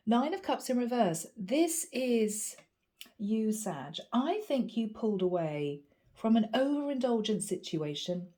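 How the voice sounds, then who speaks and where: Gravelly-voiced woman reading tarot. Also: on the high side, takes it slowly. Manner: chatty, animated storytelling. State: gravelly from a cold. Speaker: tarot reader. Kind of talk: casual spoken tarot reading.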